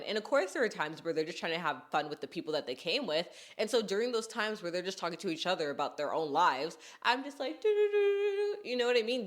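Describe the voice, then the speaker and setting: A woman's voice: medium pitch, fairly bright tone. A young woman from Texas hosting a podcast in casual chat, talking in a chatty way full of "like" and "you know what I mean.". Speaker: podcast host.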